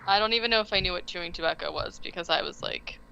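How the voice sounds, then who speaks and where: A woman's voice: lowish voice, fast, creaky, sharp tone, clean tone. A woman from West Virginia co-hosting a podcast, recapping a film in a rambling, casual way full of fillers. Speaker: podcast co-host. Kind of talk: casual movie recap chat. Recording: dull lo-fi podcast audio.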